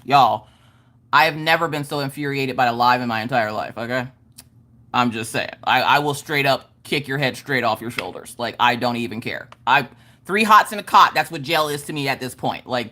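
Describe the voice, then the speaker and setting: A middle-aged woman hosting a craft livestream, chatting casually and reading out viewer comments. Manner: animated, swinging between squeals and low mutters.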